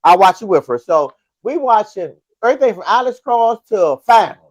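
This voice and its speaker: A podcast host talking casually and effusively in quick, folksy speech. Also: mid-range voice, sing-song, no room sound. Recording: dry, dull lo-fi sound.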